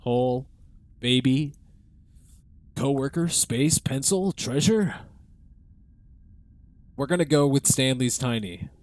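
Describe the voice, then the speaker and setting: A man's voice: mid-range voice, takes it slowly, pauses often, darkish tone, no room sound. A man streaming a video game, chatting casually, laughing and reading on-screen words aloud. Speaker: gaming streamer. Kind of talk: casual let's-play commentary.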